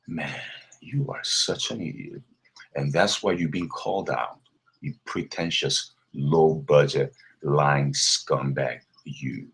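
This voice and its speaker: A man's voice: rumbling low, takes it slowly, creaky, fairly bright tone. A man delivering a mocking, scornful rant to the camera, laughing between insults. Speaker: vlogger. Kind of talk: ranting callout video.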